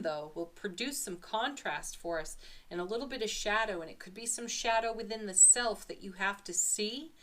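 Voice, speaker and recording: Enthusiastic woman giving a tarot reading. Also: mid-range voice. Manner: gentle, enthusiastic, with soft laughs. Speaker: tarot card reader. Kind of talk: spiritual tarot reading to camera.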